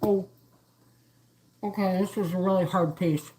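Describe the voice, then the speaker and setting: A woman's voice: fairly low pitch, fairly even intonation, unhurried, dark tone, slight background noise. A middle-aged woman hosting a casual live stream from her home kitchen, rambling and jumping between topics as she chats. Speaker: homesteader livestream host.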